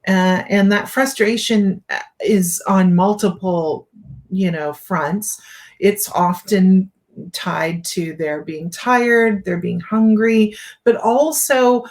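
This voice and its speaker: A middle-aged woman gives parenting advice at an unhurried, drawn-out pace. Her delivery is relaxed and chatty, full of fillers and small restarts, with a medium-pitched voice. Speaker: parenting show host.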